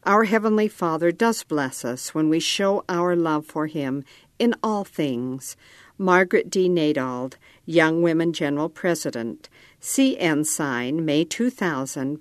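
A woman narrating a story in a calm, measured storytelling manner. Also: low voice, no echo. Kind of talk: scripted narration.

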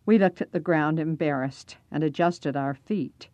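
A woman's voice: sits low, unhurried, mellow, no room sound, dull audio. A woman narrating a first-person story aloud, reading expressively.

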